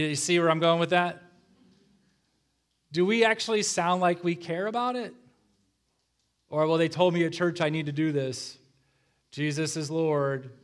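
A middle-aged male pastor giving an earnest sermon, reading scripture and telling a family story. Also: on the high side.

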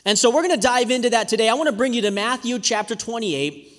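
A man, a pastor preaching a sermon with lively, conversational storytelling. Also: very high voice, quick pace. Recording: reverberant hall.

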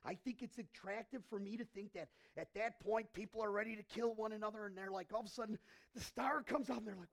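Gravelly, high-voiced male pastor preaching. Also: fast talker. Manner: animated storytelling, frequent restarts. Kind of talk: sermon. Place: church.

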